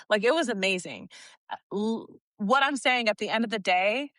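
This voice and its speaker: A woman's voice: medium pitch, normal speed, dry recording. A woman co-hosting a podcast, telling a long story in casual chat, acting out what people said and laughing often. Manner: animated storyteller, acts out quotes, laughs often. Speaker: podcast co-host.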